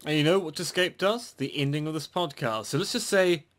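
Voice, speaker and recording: A man's voice: fairly high pitch, brisk, a bit bright. Joking male podcast co-host on a call. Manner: jokey, teasing banter. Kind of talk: casual chat over a call. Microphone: video call.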